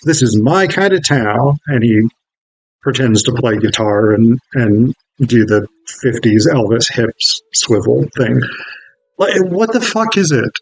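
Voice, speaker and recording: A man's voice: mid-range voice, gravelly, no echo, low-quality recording. A man reviewing a film in a casual, wry video essay, swearing freely as he talks.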